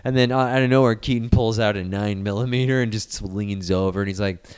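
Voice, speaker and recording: A man in casual podcast chat, excitedly recapping a movie scene, swearing freely and acting out the characters' lines. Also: lowish voice, brisk, clear, resonant tone. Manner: animated, swearing, acting out scenes in quoted voices.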